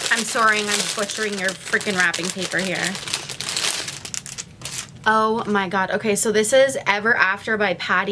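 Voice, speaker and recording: A woman's voice: medium pitch, noisy background. A woman with a young daughter gushing through an unboxing vlog, gasping and repeating exclamations. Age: adult, a mother. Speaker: YouTuber unboxing a gift box.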